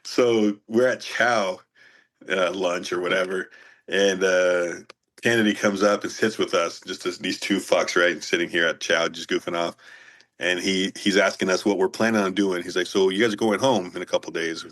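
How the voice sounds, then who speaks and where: A former Marine appears as a guest, telling profane war stories in casual chat as an animated storyteller. He has a low-pitched voice and speaks at normal speed.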